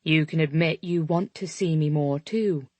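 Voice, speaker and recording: A woman's voice: sits low, moderate pace, a little mellow, no room sound. Woman voicing a teasing British young man. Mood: tender.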